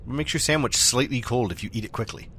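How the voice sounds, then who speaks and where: Dry-teasing man with faint rumble. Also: fast talker, pushed and bright. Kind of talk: casual chat.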